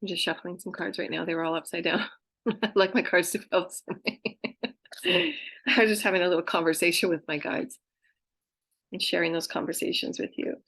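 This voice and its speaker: A woman's voice: fairly low pitch, expressive, a little fast, vocal fry, pauses often, a bit bright, husky. A woman talking casually as a spiritual channeler, gushing about her guides and breaking into laughter again and again. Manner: giggly, keeps breaking into laughter; affectionate, gushing. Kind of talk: casual chat, relaying messages from spirit guides.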